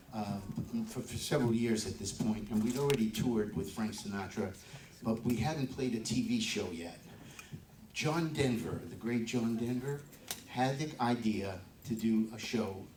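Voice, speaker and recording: A man's voice: fairly low pitch, a little mellow, slight background noise. A man in his seventies, a bandleader and drummer, telling chatty stories to a live audience and laughing often. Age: 70s. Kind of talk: on-stage storytelling to a live audience. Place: live music venue. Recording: echoey room, distant mic.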